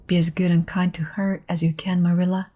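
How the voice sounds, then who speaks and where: A woman voicing a shy, kind older farmer who speaks gently and hesitantly, in an audiobook reading; her first language is Korean. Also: lowish voice, level tone, a little fast, slight background noise, lightly acted. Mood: gentle.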